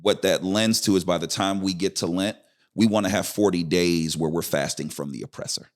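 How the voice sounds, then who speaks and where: A man's voice: low voice, brisk. A man who is a pastor, speaking as a podcast guest in an emphatic, preacher-like rhythm and repeating his key phrases for weight. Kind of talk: conversational podcast interview.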